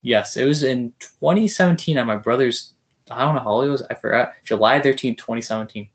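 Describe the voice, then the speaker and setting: A man's voice: medium pitch, brisk. A young man hosting a casual podcast interview, eager and a little starstruck. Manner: eager, starstruck, soft-spoken asides. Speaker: podcast host.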